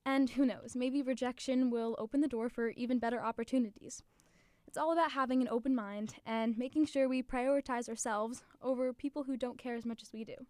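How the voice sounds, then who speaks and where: A woman's voice: fairly high pitch, steady tone, a little fast, darkish tone, no room sound, clean studio sound. A teenage girl hosting her own podcast, delivering a chatty, upbeat scripted monologue. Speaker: podcast host.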